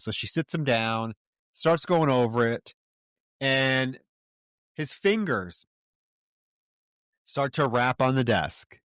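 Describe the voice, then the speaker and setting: A man co-hosting a podcast and retelling a movie scene by scene in casual, animated speech. His voice sits in a middle pitch. He tosses in quick character impressions, and the room sound is dry and close. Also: clear, resonant tone, dry recording. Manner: animated storytelling, briefly mimics characters. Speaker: podcast co-host. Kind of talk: casual film recap.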